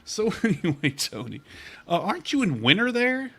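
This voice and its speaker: Bright, sarcastic American man. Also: sits high, very animated, normal speed, gravelly, husky. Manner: profane, sarcastic. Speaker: podcast host. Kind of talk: casual chat.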